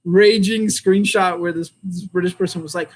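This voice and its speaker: A man's voice: high voice, fairly even intonation, moderate pace, husky, poor audio. An American man with a rambling, opinionated manner, chatting casually while reviewing comics and laughing often.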